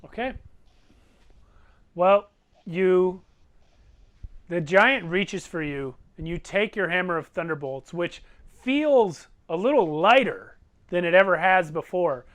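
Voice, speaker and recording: A man's voice: sits high, expressive, slow pace, long pauses, a bit bright, dull audio. A man narrating a tabletop game as game master, playful and often laughing as he describes the action.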